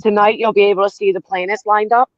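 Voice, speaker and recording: A woman's voice: medium pitch, steady tone, quick pace. A woman chatting on a live group call, rambling and making fun of herself. Her voice sits in a middle range. It comes through a slightly muffled lo-fi mic with no echo. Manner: self-mocking, chatty storyteller. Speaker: show panelist. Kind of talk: casual group chat.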